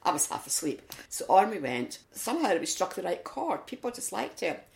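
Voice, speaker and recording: A Scottish woman chats through her stories in a low, gravelly voice, acting out the lines of the people in them. The sound carries a roomy echo. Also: normal speed. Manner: lively storyteller, acts out quotes. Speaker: interviewee, community volunteer. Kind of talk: chatty anecdotal interview. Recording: echoey room.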